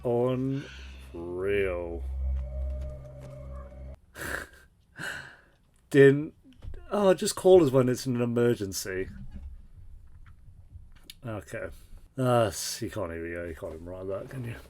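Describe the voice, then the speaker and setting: A man's voice: medium pitch, lively intonation, slow pace, long pauses, dark tone, slight background noise. A man hosting a reaction video, talking casually and with exasperation while he swears and comments on scenes.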